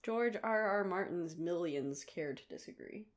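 A woman's voice: on the low side, lively intonation, unhurried. Teasing woman in casual chat. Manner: teasing, knowing.

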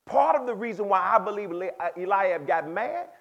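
A pastor giving a sermon to young people, calling listeners by name, shifting between loud exhortation and quiet explanation in casual speech. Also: male voice, high-pitched, expressive, fairly quick, muffled recording. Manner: preaching, addresses listeners by name. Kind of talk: sermon to youth.

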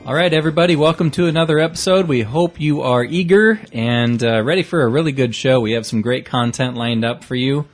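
Upbeat podcast host dad. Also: male voice, mid-range voice, brisk, few pauses, soft background music. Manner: upbeat, friendly show-opener. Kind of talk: casual chat.

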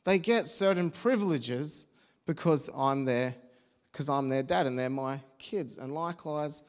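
A man preaching a sermon, earnest and personal, with homely asides and the odd restart. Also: medium pitch.

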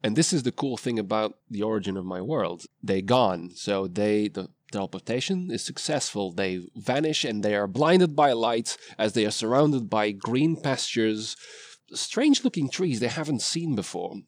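A man's voice: lowish voice, expressive, moderate pace, dry recording. A man telling a story about his tabletop game in casual podcast chat, rambling and often breaking off mid-sentence. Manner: rambling, self-interrupting storyteller. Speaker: game master.

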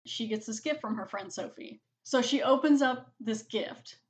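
A woman giving a casual spoken movie review, chatting with lots of "like" and acting out characters' lines in quick quotes. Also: fairly high pitch.

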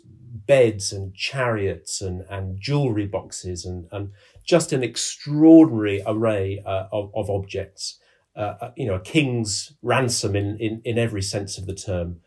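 A man with a husky voice, speaking as a historian guest on a podcast. He retells events vividly and with a sense of drama, restarting his phrases often. His voice sits fairly low. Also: a little mellow. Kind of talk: storytelling explanation in a podcast interview.

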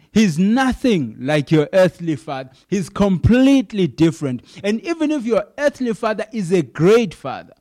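A man's voice: fairly high pitch, darkish tone. A man preaching a sermon in an earnest way, repeating key phrases for emphasis, with some fillers.

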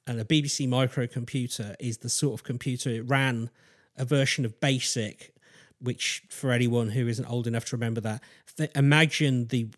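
A man's voice: medium pitch, steady tone. A man in a mid register hosts a podcast and recounts an odd tale in a loose, rambling manner. He often trails off and restarts his sentences as he thinks aloud. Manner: rambling, halting, with fillers and restarts. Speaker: podcast host. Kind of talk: casual chat, storytelling.

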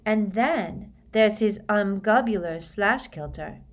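A woman's voice: mid-range voice, expressive, slow, pitched above the performer's own voice. A woman voicing a dreamy, eccentric teenage girl who states strange claims earnestly in a storybook reading. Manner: earnest, matter-of-fact about odd ideas.

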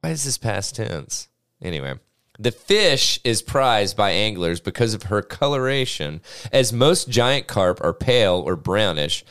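A man's voice: on the low side, big pitch swings, unhurried, a bit bright, clean tone. A man co-hosting a casual podcast, reading out a news story and riffing on it with friends, swearing and laughing often. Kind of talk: casual banter.

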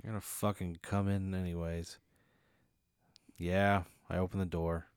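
A man co-hosting a podcast, answering a comic scenario in a wry, skeptical and deadpan way. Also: sits low, a little slow, clear, resonant tone, no echo, studio quality. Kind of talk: casual comedy banter.

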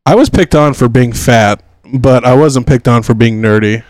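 A man's voice: mid-range voice, moderate pace, dry recording, rough recording. A man co-hosting a casual podcast chat, joking, profane and laughing often. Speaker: podcast co-host.

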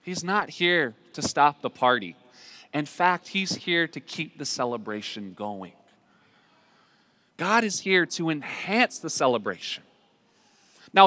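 A man preaching a sermon as pastor, talking in a conversational way with frequent restarts. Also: on the high side. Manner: conversational, warm asides with repeated restarts. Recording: long hall reverb.

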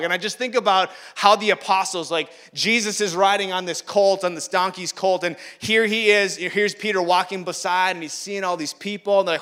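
A man giving a sermon in a conversational way, acting out the voices he quotes and swinging from loud to hushed. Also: high voice, a little fast, few pauses. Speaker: pastor.

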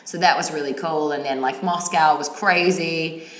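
A woman's voice: deep voice, steady tone, normal speed, reverberant. A woman in her thirties from New Zealand with a New Zealand accent, a fitness trainer chatting as a podcast guest in a bubbly way and laughing often. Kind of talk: casual podcast chat.

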